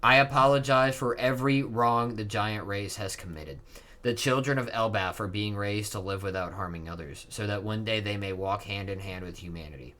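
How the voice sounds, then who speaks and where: A stern giant king, weighed down by remorse, read aloud by a man. The voice is lowish and forceful, and he talks slowly and solemnly.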